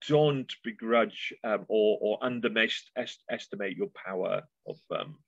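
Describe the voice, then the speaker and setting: A man, a guest in an interview, telling stories with lively enthusiasm. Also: fairly low pitch, normal speed, vocal fry, dry recording. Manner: animated storyteller, enthusiastic. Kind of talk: casual interview chat. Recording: dull lo-fi sound.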